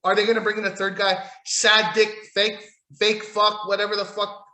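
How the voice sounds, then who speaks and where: A man's voice: high voice, little pitch movement, moderate pace, bright, forceful tone. A man hosting a solo podcast, recapping in a rambling, profane, sarcastic way. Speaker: podcast host. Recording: echoey room.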